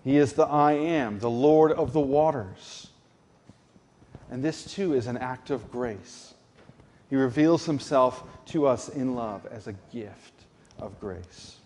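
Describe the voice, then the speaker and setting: Slow, deliberate male preacher in reverb. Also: mid-range voice, darkish tone. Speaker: pastor. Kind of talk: sermon.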